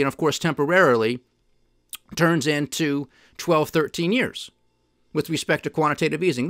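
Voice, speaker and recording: Emphatic, indignant man with high voice. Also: normal speed, a bit bright, dry recording, studio quality. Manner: emphatic, indignant, mocking quoted officials. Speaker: podcast host. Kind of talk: solo commentary.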